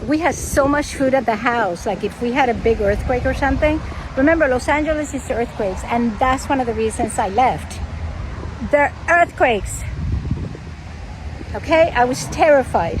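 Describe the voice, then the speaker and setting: A woman from Cuba with a Cuban Spanish accent, a native Spanish speaker, chatting in a rambling, excitable way and often cutting herself off as she walks a lakeside path, talking into a handheld phone. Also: on the high side. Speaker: vlogger. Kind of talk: casual walking vlog. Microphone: phone held while walking. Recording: outdoor traffic noise.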